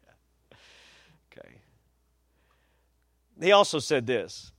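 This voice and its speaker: A man's voice: a little high, expressive, moderate pace, long pauses, fairly bright tone, no echo, studio quality. A male pastor preaching a sermon with emphatic stress, folksy asides and changing pace.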